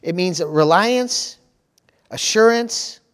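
A man's voice: high-pitched, animated, takes it slowly, fairly bright tone, smooth. A middle-aged man preaching a sermon, repeating phrases and dropping in praise interjections as he goes. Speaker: pastor.

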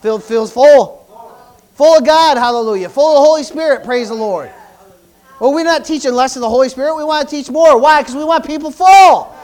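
A man's voice: very high-pitched, fast talker. A man preaching a fervent sermon in church, repeating himself and punctuating lines with hallelujah and praise the Lord. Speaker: pastor.

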